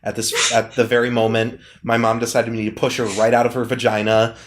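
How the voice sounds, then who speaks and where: A man's voice: mid-range voice, monotone, a little fast. Exasperated profane young man podcaster. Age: 20s. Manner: exasperated, profane, mock-dramatic. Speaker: podcast co-host. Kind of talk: casual comedic chat.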